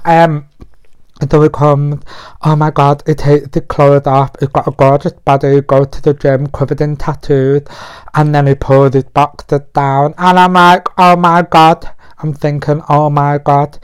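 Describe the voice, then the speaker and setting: Male podcaster, higher-ish clean voice, filthy nonstop rambling monologue from his bedroom. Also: steady tone, measured pace, smooth. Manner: crude, rambling, talks nonstop. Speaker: podcast host. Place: bedroom in a flat.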